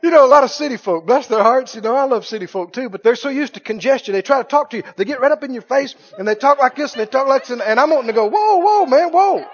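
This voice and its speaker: A preacher with a strikingly high voice delivers a folksy sermon. He swings from quiet, low-key lines to loud, excited exclamations. The recording sounds dull and lo-fi. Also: racing, hardly any pauses.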